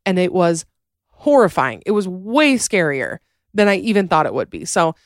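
A woman hosting a podcast, chatting casually and reading listener stories in an animated, giggly way. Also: lowish voice, normal speed, no room sound, clean studio sound. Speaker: podcast host. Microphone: podcast microphone.

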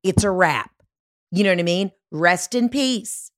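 Sarcastic woman podcast host, a bit low-voiced, rambling comic monologue. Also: expressive, measured pace, no room sound, clean studio sound. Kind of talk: casual comedic monologue.

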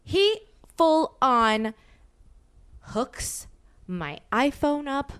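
A young woman hosting a podcast, telling a story in casual chat, animated and swearing often. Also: sits high, drawn-out words. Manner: animated, swearing, slips into excited quoted voices. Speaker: podcast host.

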